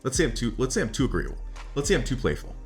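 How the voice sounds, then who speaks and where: A man with a mid-range, sing-song voice races through a casual monologue as a dating coach, with faint music in the background. He is brash and profane, laughs at his own jokes, and constantly repeats "right?" and "like."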